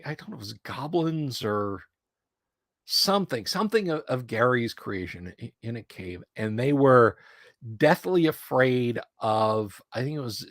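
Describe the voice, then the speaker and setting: A man's voice: mid-range voice, no room sound. A middle-aged man streaming, chatting casually and telling rambling anecdotes close to his mic. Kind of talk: casual chat.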